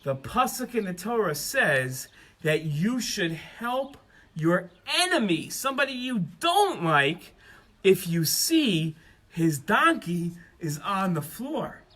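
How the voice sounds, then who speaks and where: Animated, high-voiced man telling kids' stories. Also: slow. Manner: animated, expressive. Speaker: children's storyteller. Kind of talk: children's story narration.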